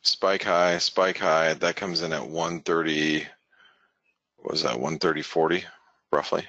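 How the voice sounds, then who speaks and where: A man's voice: rumbling low, flat delivery, measured pace, sharp tone, no room sound, highs cut off. A man hosting a webinar, giving casual live market commentary in a rambling way that keeps correcting itself and restarting. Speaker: forex market analyst, webinar host.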